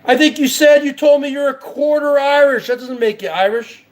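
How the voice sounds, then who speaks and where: High-voiced man ranting profanely. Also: normal speed. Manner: profane, heated, repetitive. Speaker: show host. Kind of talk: ranting commentary.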